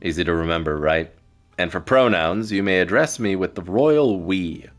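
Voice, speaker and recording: A man's voice: deep voice, lively intonation, moderate pace, soft background music. A man voicing a teasing, all-knowing star being with a playful, smug way of talking.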